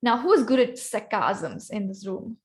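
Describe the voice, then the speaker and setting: A woman's voice: mid-range voice, expressive, measured pace. A woman with an Indian accent giving an instructive workshop on speaking skills, calling on volunteers by name. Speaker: guest speaker teaching vocal variety. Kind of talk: online club workshop presentation.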